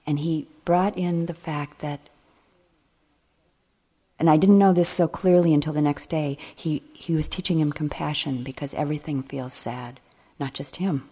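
Low husky older woman teaching meditation. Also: fairly even intonation, warm tone. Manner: slow, reflective, trailing phrases, sometimes dropping to a near whisper. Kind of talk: dharma talk.

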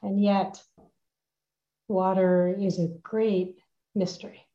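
A woman gives a reflective retreat talk in a slow, mellow, warm voice, easing through her thoughts with soft laughs. The recording has a muffled, lo-fi quality. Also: mid-range voice, little pitch movement. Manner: gentle, unhurried, laughs softly. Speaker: meditation retreat teacher. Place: at home with a dog nearby.

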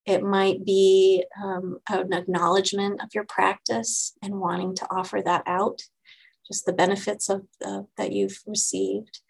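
A woman meditation teacher giving a dharma talk to her group, gentle and unhurried, pausing and restarting often. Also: medium pitch, level tone, vocal fry, husky, rough recording.

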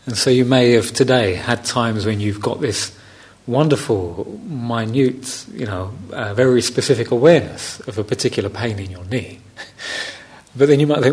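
A man, a meditation teacher giving a gentle, reflective dharma talk on a retreat. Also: mid-range voice. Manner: gentle, reflective, unhurried with soft laughs.

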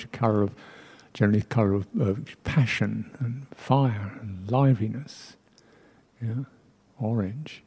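Mellow-voiced man giving a reflective dharma talk. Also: on the low side, steady tone, vocal fry, husky. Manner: reflective, unhurried, with pauses and soft laughs; playfully imitates speech sounds. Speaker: Buddhist teacher. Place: temple hall.

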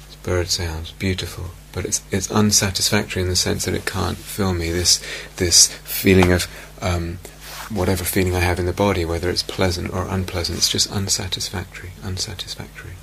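A man giving a meditation teaching in a reflective, unhurried way, softly repeating key phrases. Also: deep voice, level tone, vocal fry, a little hiss or hum. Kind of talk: dharma talk. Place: retreat meditation hall.

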